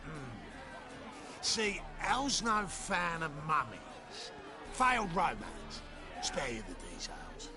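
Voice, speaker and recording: A loud, swaggering pit-fighter brother from a video game, hollering his boasts in a high, wildly swinging voice and drawing the words out slowly. He is crude and cocky, with game music playing behind him. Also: wildly swooping pitch, a crowd in the background, exaggerated voice. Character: brash boastful male pit fighter, one of two brothers.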